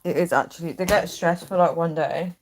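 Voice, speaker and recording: A woman's voice: lowish voice, steady tone, fairly quick, a little mellow, slight background noise. A young woman chatting casually on a live stream, rambling and reading viewer comments aloud. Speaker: livestreamer.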